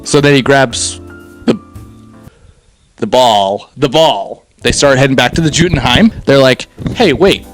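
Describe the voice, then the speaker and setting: Young man, casual spoken review, slangy, excitable, laughs a lot, faint music behind. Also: medium pitch, a little slow, pauses often. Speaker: anime reviewer.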